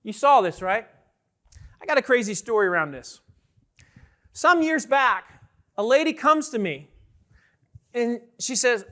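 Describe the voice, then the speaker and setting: A man with a strikingly high, bright voice delivers a keynote to a big conference audience. He talks with energy and keeps throwing questions at the crowd. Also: lively intonation, measured pace, pauses often. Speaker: keynote speaker. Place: large conference hall with an audience.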